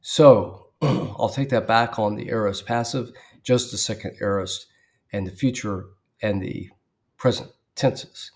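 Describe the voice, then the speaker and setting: A man teaching at an unhurried, measured pace. He works methodically, stopping to spell things out letter by letter. He often clears his throat mid-sentence. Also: fairly low pitch. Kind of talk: verse-by-verse teaching.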